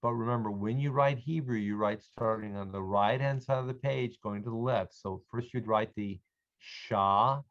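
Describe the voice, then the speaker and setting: A man teaching an online Hebrew reading lesson to adult learners, slowly and patiently sounding out words for them to repeat. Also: fairly low pitch, lo-fi sound.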